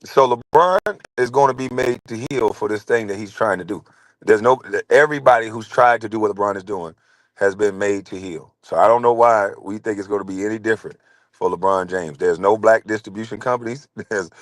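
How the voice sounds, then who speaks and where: A man's voice: fairly low pitch, brisk, dry recording, poor audio. A man in his forties hosting a casual commentary show, talking in a blunt, rambling and heated way. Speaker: show host.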